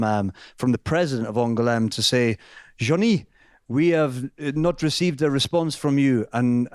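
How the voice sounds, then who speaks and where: A man guest telling an anecdote on a live show, halting and amused. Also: mid-range voice, smooth, no echo, clean studio sound. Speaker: guest storyteller.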